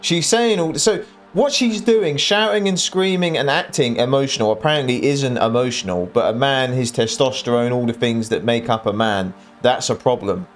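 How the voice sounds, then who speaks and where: A man's voice: mid-range voice, moderate pace, hardly any pauses, soft background music. A man hosting a reaction channel, talking over clips in an exasperated, mocking tone.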